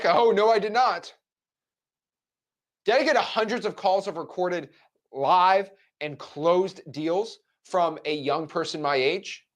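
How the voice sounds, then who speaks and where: Young male business coach, straight-talking, animated delivery with a wide pitch range, addressing camera. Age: 20s. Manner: blunt, frank and animated. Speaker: real estate wholesaling coach. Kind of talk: motivational talk to camera.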